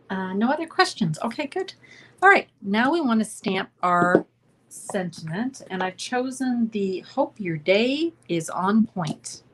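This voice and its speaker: A woman's voice: mid-range voice, background noise. A middle-aged Canadian woman chatting through a live card-making demo, narrating each step and often asking "right?". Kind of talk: live online crafting demo.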